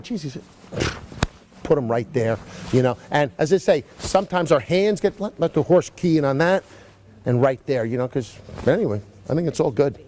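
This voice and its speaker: A middle-aged man talks through a riding clinic in a loose, rambling way, dropping in asides as he goes. His voice sits a little high for a man and swings up and down a lot. A faint hiss runs behind him. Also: darkish tone. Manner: rambling, chatty, full of "you know" asides. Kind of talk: casual coaching chat. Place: horse arena.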